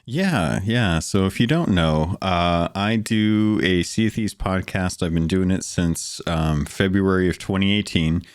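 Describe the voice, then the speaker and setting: Male podcast guest, very low deep voice, relaxed rambling delivery, dry sound. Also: measured pace, hardly any pauses, smooth, no room sound. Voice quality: deep morning voice. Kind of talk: casual podcast chat.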